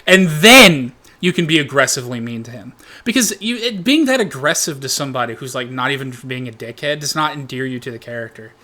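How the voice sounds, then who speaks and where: A man's voice: medium pitch, brisk. A man hosting a reaction video who gives rambling, profanity-laden comedic commentary. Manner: rambling, animated, swears a lot.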